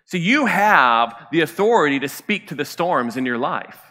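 Guy pastor preaching, chatty, keeps asking the room "right?", bright voice, big echoey church. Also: on the high side, big pitch swings, moderate pace. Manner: conversational, asks the congregation "right?" often. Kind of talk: sermon. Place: church sanctuary.

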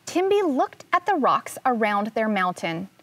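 Her voice a little high, a woman who teaches first grade works through a picture book aloud at an unhurried, expressive pace and quizzes the children as she goes.

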